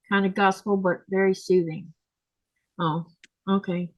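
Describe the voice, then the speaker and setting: A woman's voice: mid-range voice, little pitch movement, measured pace, pauses often, dry recording, highs cut off. A woman hosting a live sewing stream, tired and yawning, chatting casually as she reads viewer comments aloud and answers them.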